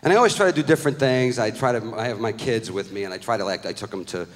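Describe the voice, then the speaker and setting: A middle-aged man doing a stand-up comedy routine, telling a story with profane, animated outbursts. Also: fairly low pitch, fast talker. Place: live comedy venue with audience. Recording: echoey live hall recording.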